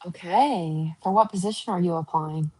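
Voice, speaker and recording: Husky woman with a lowish voice, playful livestream host, joking and laughing. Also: normal speed, a little mellow, low-quality recording. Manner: chatty, joking and teasing, often laughing. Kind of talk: casual livestream chat. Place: at home, painting her nails.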